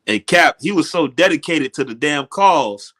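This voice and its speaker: A man co-hosting a talk show, his voice pitched a little high for a man. He speaks emphatically and turns to the listeners as if preaching to them. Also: expressive, normal speed, fairly bright tone. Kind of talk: casual show commentary.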